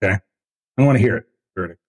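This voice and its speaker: A man's voice: lowish voice, expressive, fast, a little mellow, breathy edge. A man doing casual live-stream commentary while reacting to a video, laughing often and teasing.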